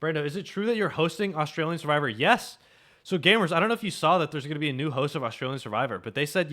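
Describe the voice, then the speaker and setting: A man's voice: fairly high pitch, quick pace, sharp tone. A young man streaming a game, chatting and joking casually with his viewers, swearing freely. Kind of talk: casual live-stream chat.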